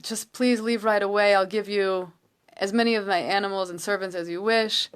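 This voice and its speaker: A woman's voice: mid-range voice, fairly even intonation, normal speed, smooth, lightly acted. A woman voicing a frightened, pleading ancient Egyptian king in a retold story. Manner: pleading, trembling, then proclaiming.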